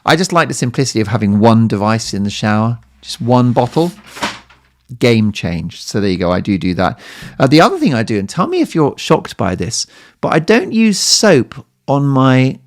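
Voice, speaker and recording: A man hosting a podcast in a casual, playful monologue, jumping now and then to squeaky high exclamations. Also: big pitch swings, fairly quick. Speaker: podcast host.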